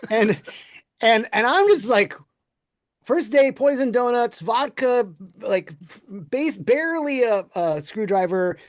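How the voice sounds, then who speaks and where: Male podcast guest, relaxed anecdotal delivery with voiced quotes, middle pitch, dry room. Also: takes it slowly, dry recording. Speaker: podcast guest, former game producer. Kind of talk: casual storytelling.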